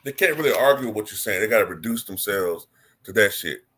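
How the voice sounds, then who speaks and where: A man's voice: lowish voice, lively intonation, fast, a bit bright. A man hosting a casual online stream, rambling and repeating himself. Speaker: online show host. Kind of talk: casual livestream talk.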